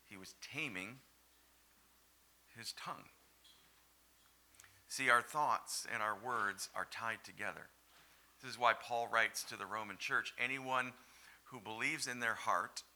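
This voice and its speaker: A man preaching a sermon at an unhurried, deliberate pace. His voice has a very bright, cutting edge. He hits key words hard, then sinks into quiet, intimate lines. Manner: emphatic, swinging from loud stresses to hushed, low lines. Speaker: pastor.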